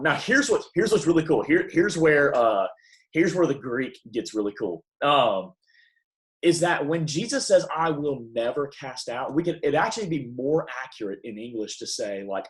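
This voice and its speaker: A man's voice: on the high side, expressive, normal speed, poor audio. Casual, emphatic young male preacher. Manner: casual, emphatic, many restarts and fillers. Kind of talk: devotional sermon.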